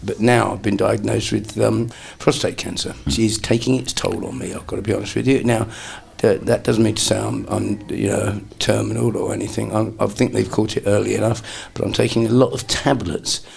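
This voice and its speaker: Older male comedian guest, gravelly and a touch low, loose anecdotal chat. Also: flat delivery, brisk, a little mellow, a little hiss or hum. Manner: rambling anecdotal storyteller, slips into impressions. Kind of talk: casual interview chat.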